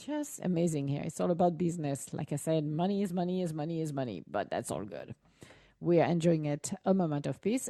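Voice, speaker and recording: A woman with as her talks casually to her live-stream audience, rambling through restarts and breaking into laughs. Her voice sits low with a mellow, soft tone, and the recording is dry and close. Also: very animated, brisk, dry recording. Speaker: host.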